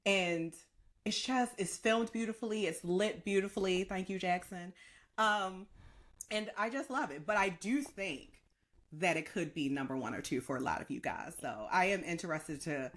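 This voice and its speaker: A woman co-hosting a podcast in casual chat, gushing and animated as she breaks down scenes. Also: on the low side, moderate pace. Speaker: podcast co-host.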